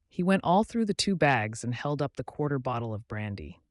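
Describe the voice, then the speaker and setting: A man reading a novel aloud in the first person, with measured, clear narration. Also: medium pitch, very animated, no room sound. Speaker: audiobook narrator.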